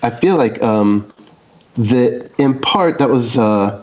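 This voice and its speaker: A man with a mid-range voice and lively intonation speaks slowly, and the recording has its highs cut off. He's a guest casually sharing a personal story, meandering along with plenty of "um"s and "like"s and acting out the quotes.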